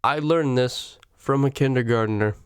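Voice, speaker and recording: Smooth-voiced man on a swearing rant. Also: unhurried, dry recording, studio quality. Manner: swearing, rambling, pitch jumping up when worked up. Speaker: vlogger. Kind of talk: profane comedic rant.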